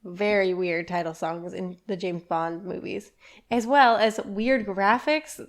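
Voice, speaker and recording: A woman's voice: medium pitch, a little slow. A woman chatting casually on a podcast, frank and teasing. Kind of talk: casual chat.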